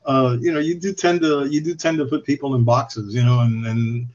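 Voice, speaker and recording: A man's voice: medium pitch, fairly even intonation, normal speed, darkish tone. A man guest telling stories in casual chat, rambling and swearing with chuckles. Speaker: podcast guest. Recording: slightly dull lo-fi recording.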